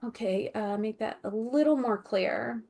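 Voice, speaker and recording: Slow, searching woman channeling on a video call. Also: on the high side, creaky, dark tone. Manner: repeats phrases, trailing off to a whisper; halting, searching for words, laughs often. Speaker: Akashic Records channeler. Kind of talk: channeling in a group video meeting.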